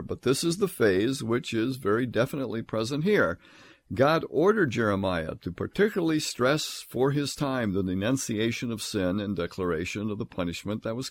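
A man giving a Bible lecture in an earnest way, slowing down and rising sharply on the points he stresses. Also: medium pitch. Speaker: Bible teacher.

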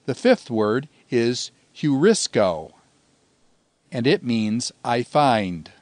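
A man teaching a grammar lesson in a measured way, pausing often and drawing out phrases so listeners can repeat them. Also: mid-range voice, sing-song, a little mellow, no echo. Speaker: Greek teacher. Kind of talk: slow, deliberate grammar lecture.

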